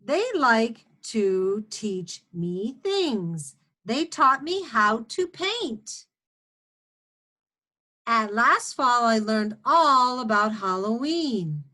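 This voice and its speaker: Woman, high bright voice, slow and expressive, children's picture book reading. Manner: expressive, animated storybook reading. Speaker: children's story time reader.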